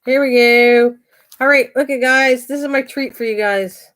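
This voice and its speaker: A woman's voice: high voice, fairly even intonation, normal speed, fairly bright tone. An older woman hosting her own channel, chatting casually to the camera and talking to her pets as she goes. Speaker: craft and garden channel host.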